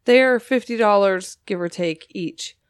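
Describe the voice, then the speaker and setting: A woman's voice: mid-range voice, unhurried, clear, resonant tone, no room sound, clean studio sound. A woman co-hosting a podcast, reading a listener's story aloud in a chatty way and laughing along. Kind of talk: casual storytelling read-aloud.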